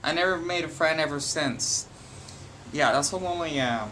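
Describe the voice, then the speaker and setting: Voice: medium pitch, moderate pace, sharp tone, a little hiss or hum. A young adult vlogger talking at home in a chatty, wandering, self-deprecating way. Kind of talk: casual rambling chat.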